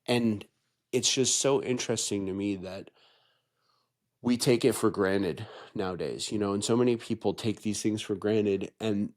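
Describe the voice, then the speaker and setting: A man's voice: on the low side, normal speed. A man co-hosting a podcast, talking earnestly in casual chat and often checking in with "right?". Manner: earnest, conversational, keeps asking "right?". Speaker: podcast co-host.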